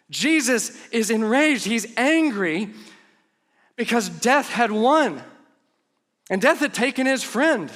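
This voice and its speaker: A man preaching a conversational sermon as pastor, telling the story with humorous asides and dropping to hushed tones for emphasis. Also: very high voice, sing-song, takes it slowly, long pauses.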